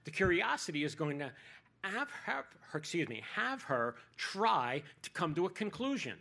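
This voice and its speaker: A man's voice: a little high, big pitch swings, moderate pace, creaky, sharp tone. A man preaching a sermon in a conversational way, with jokey asides.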